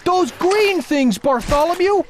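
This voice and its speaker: A woman's voice: very high-pitched, expressive, unhurried, a little hiss or hum, pitched above the performer's own voice. A woman doing a frantic royal trumpeter man. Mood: alarmed. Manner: wailing, alarmed.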